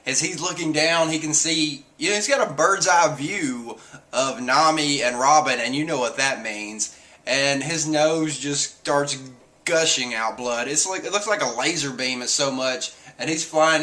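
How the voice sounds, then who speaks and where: A man casually recapping a comic chapter, animated, often laughing and acting out lines in squeaky voices. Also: unhurried. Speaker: manga chapter reviewer.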